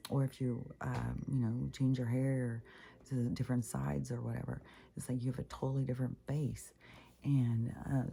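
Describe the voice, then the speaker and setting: Very deep gravelly woman vlogger. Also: dark tone. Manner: rambling, many fillers, drops into whispery asides. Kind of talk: casual spiritual vlog monologue.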